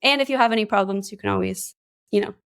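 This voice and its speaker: A woman's voice: mid-range voice, fast talker, creaky, clean tone. Chatty woman from Canada. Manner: chatty, many "like" fillers and restarts. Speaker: bilingualism specialist guest. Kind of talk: casual interview chat.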